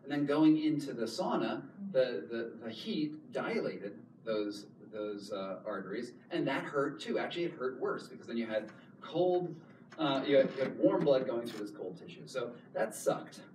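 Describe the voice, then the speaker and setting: A man in his thirties telling a story in an animated talk, repeating words and laughing often as he goes. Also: mid-range voice, moderate pace. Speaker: author giving a talk. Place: public hall. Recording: echoey hall, distant mic, noise.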